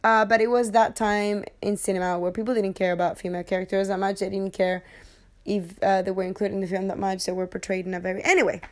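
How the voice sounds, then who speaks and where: A woman's voice: medium pitch, level tone, fast talker. A woman chatting casually about movies, joking, swearing freely and wandering off on tangents. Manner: rambling, jokey, swears freely, goes off on tangents. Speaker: movie review vlogger.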